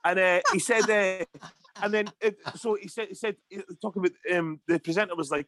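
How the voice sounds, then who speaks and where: A man's voice: high voice, a little fast, fairly bright tone, dry recording. A Scottish man ranting heatedly in a casual podcast chat, swearing often. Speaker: podcast co-host.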